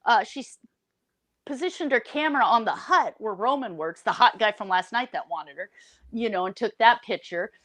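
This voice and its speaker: A woman's voice: a little high, expressive, moderate pace, a bit bright. A woman hosting a commentary channel, telling a story in casual chat with mocking impressions of the person she talks about.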